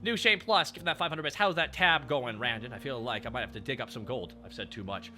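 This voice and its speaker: Excitable young man with a bright voice. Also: medium pitch. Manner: excitable, shouting names, quick bursts. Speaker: streamer host. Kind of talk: live stream chat, thanking donors.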